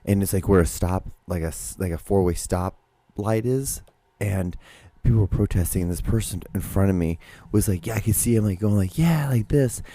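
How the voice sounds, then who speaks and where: Casting: male solo podcast host, low and very dark voice, loose rambling delivery with frequent restarts, close dry recording. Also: brisk, no room sound. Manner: rambling, many restarts and swearing. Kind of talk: casual solo monologue.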